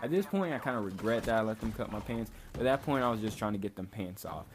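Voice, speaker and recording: A man's voice: on the low side, lively intonation, fast talker. Laid-back young man telling a story. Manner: laid-back, swears freely, lots of "like". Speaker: vlogger. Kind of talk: casual storytelling. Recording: faint background noise.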